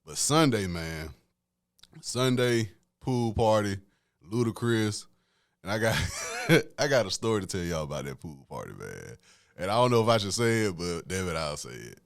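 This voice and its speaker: A man's voice: lowish voice, very animated, moderate pace, no echo, clean studio sound. A young man hosting a podcast, telling a story in casual, slangy talk and laughing often. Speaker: podcast host.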